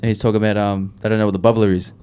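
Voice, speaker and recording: A man's voice: fairly low pitch, little pitch movement, very fast, dark tone, clean tone. A young man, co-hosting a casual podcast and telling rambling, profane stories. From Australia. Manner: rambling storyteller, swears freely. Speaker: podcast co-host. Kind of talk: casual chat.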